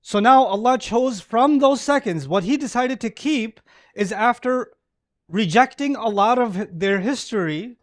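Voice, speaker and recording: A middle-aged man giving an animated religious lecture to a live audience, often asking them questions. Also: extremely high pitch, a little slow, dry recording, clean studio sound. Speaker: Islamic lecturer.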